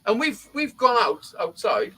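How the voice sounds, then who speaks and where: A man's voice: very high voice, very animated, unhurried, sharp tone, breathy edge, poor audio. A middle-aged man, telling a rambling story in casual chat and swearing constantly.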